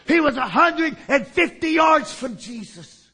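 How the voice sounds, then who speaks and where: A male preacher telling a story in a sermon, dramatic and often shouting for emphasis. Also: very high-pitched, animated, measured pace, vocal fry.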